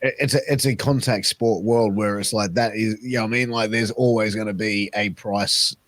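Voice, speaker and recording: A man's voice: on the low side, fairly even intonation, normal speed, a bit bright. A man with an Australian accent hosting a casual podcast, chatty and swearing freely, often acting out what others said. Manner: chatty, swears, acts out quoted people. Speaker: podcast host.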